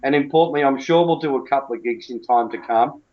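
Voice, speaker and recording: A man's voice: medium pitch, fast talker, highs cut off. Blunt, tough-talking cricket coach, a man. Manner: blunt, emphatic, colloquial. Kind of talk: interview.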